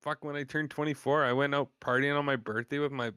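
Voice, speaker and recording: A man telling profane stories in a casual podcast chat, animated and blunt. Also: mid-range voice, fast talker, clear, resonant tone, no room sound. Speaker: podcast host.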